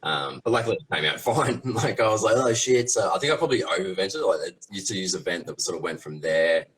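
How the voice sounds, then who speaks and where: A man with an extremely low, rumbling voice talks through his process as a guest on a live Q&A. He rambles loosely and hesitantly, piling up fillers as he goes. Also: fast, fairly bright tone, rough recording. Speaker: guest resin toy maker. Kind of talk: casual live Q&A chat.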